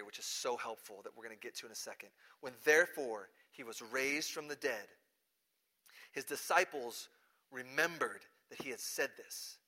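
A man preaching a sermon in a church, talking conversationally and swinging between loud emphatic lines and quiet asides. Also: medium pitch. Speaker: pastor.

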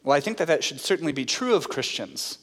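A man's voice: on the high side, lively intonation, fast, fairly bright tone. A man preaching a sermon to a congregation, explaining a scripture passage in an earnest teaching tone and asking the listeners questions. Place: church sanctuary. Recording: reverberant hall.

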